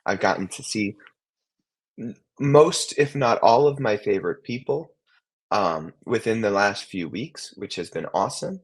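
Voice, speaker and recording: Husky young man chatting casually. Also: fairly low pitch, animated, unhurried. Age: 20s. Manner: rambling, many restarts and fillers. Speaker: co-host. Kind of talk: casual chat.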